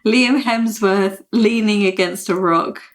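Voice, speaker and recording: A woman's voice: medium pitch, slow. A woman co-hosting a podcast, teasing and asking questions in a casual chat. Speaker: podcast co-host.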